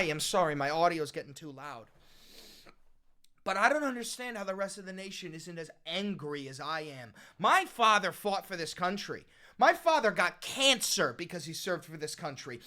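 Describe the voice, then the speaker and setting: A man's voice: sits high, lively intonation, normal speed, bright, forceful tone. A man hosting a reaction video, cursing often and ranting with heated passion. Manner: profane, impassioned ranting. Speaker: host.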